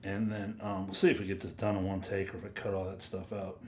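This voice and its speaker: A man giving a casual, rambling first-impressions review of perfumes, chatty and drifting into quiet mutters as he sniffs. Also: deep voice, little pitch movement, quick pace, a little hiss or hum. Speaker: fragrance reviewer.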